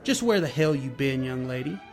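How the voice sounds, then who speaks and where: A man voicing a harsh, chain-smoking mother who yells and scolds crudely, with soft music behind. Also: mid-range voice, animated, fairly quick, lightly acted. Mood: scolding.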